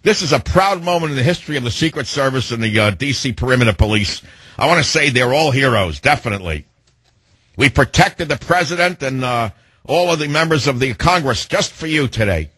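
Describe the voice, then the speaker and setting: A man's voice: medium pitch, animated, fairly bright tone, breathy edge, no room sound. A man doing a boastful police chief. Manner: boastful, halting with fillers. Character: self-praising police chief at a press conference.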